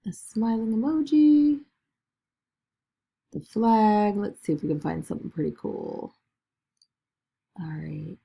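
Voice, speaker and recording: A woman giving a chatty screen-recorded software tutorial, talking through each click with lots of "okay" and "all right". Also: medium pitch, slow pace, creaky, long pauses. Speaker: business video tutor.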